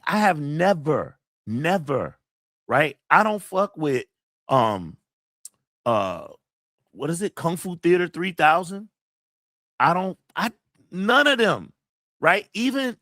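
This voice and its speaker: This channel host has a high-pitched, fairly bright voice, captured as clean studio sound with no room noise. Nearly in tears, he vents to camera during a casual livestream, blunt, emotional and full of profanity, and reads chat messages aloud.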